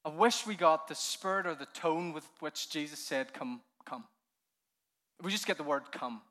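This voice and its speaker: A man preaching a keynote sermon, telling the story with animated energy, laughing often, sometimes dropping to a hush and then building up with fervor. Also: high voice. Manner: laughs often while speaking. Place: conference hall.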